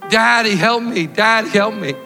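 A man's voice: fairly high pitch, a little fast, bright, forceful tone. A man voicing an eager ten-year-old boy who repeats himself, with long reverb and faint music behind. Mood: pleading.

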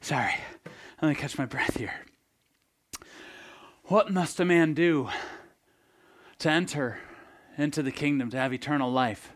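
A man acting out an eager young rich man who has just run to catch someone, out of breath and hurried. His voice sits a little high as he pleads. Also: natural voice. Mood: eager, breathless.

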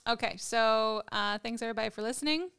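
Bright, clear-voiced woman chatting. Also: on the high side, fast. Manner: hesitant, filler-heavy, trailing off. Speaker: podcast co-host. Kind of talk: casual chat.

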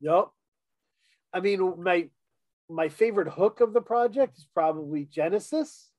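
A man's voice: high voice, unhurried, darkish tone, no room sound. A man co-hosting a casual podcast chat about an album, talking enthusiastically with lots of fillers and restarts. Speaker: podcast co-host reviewing an album.

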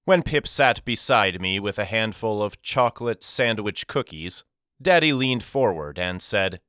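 Crisp-voiced male audiobook narrator. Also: on the low side, dry recording, studio quality. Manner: measured, expressive storytelling. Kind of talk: first-person audiobook narration.

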